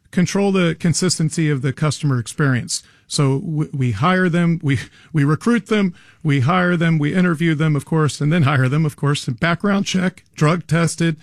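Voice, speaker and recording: A man speaking as an expert guest on a radio show, explaining things earnestly and often restarting his sentences. His voice is a little high, and it is recorded dry and close. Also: dry recording. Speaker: garage door company guest expert. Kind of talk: radio interview answers.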